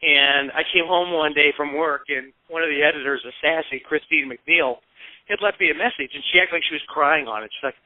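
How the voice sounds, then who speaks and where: A man's voice: fairly high pitch, a little fast, dry recording. Chatty man on a tinny, dry line. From Peoria, Illinois, US. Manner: lively anecdotes, acts out quoted voices, swears casually. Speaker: guest. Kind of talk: casual storytelling interview. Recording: tinny phone-like dry sound.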